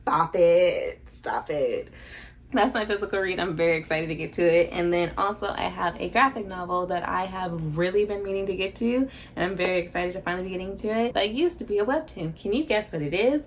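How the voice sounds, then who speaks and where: A young woman talking to camera in a casual reading vlog, mid-pitched and excitable, gushing with dramatic flair. Faint room ambience sits behind her voice, as if recorded at home on the camera mic. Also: fast, few pauses, a little hiss or hum. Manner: excitable, dramatic, swings into squeals and laughter. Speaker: book vlogger.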